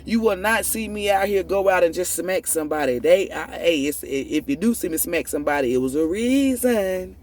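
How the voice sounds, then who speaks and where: A woman's voice: deep voice, brisk, hardly any pauses. Profane, fiery woman ranting. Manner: profane, emphatic, preachy; repeats and restarts words when fired up. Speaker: tarot reader. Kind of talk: ranting spiritual monologue.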